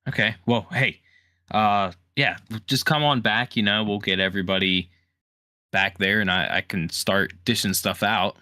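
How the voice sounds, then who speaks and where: A man playing a character in a tabletop game, casual, easygoing and halting. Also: on the low side, steady tone, sharp tone, dry recording, clean studio sound. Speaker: player.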